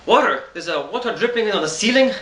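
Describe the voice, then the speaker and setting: A man putting on the voice of a frantic foreign neighbor who speaks halting, broken English and keeps giving orders. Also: high voice, lively intonation, fairly bright tone, reverberant, voice pushed up.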